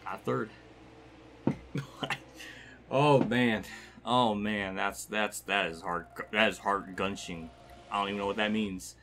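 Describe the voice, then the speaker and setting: A man's voice: on the low side, fairly even intonation, slow pace, long pauses, fairly bright tone, slight background noise. Frustrated man commentating a racing game. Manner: frustrated, rambling, swears and laughs. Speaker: gaming channel host.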